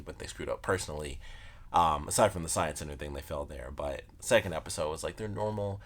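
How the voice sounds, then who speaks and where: A man casually reviewing episodes, rambling and often laughing, with lots of "like" and "you know". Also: sits low.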